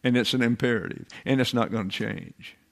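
Older male Bible teacher, sermon delivery, emphatic and repetitive, average pitch. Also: creaky. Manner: deliberate, emphatic, repeats phrases.

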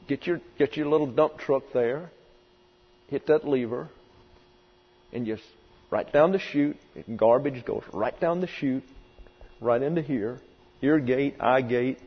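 A pastor preaches an expository sermon in a slightly rough, mid-range voice, emphatic and vivid, sometimes taking on the voices of those he quotes. The audio is dull and lo-fi, recorded in a reverberant hall with a mains hum present.

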